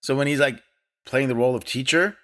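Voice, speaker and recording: A man's voice: medium pitch, brisk, a bit bright. A man co-hosting a casual film podcast, thinking aloud and asking loose questions. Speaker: podcast co-host.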